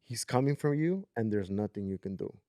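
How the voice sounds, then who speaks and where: An eerie, crying little ghost girl, quoted by a man retelling a nightmare gives a quiet, ominous warning. The voice stays close to his own, a bit higher. The sound is dry and close to the mic. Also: expressive, brisk, no echo, lightly acted.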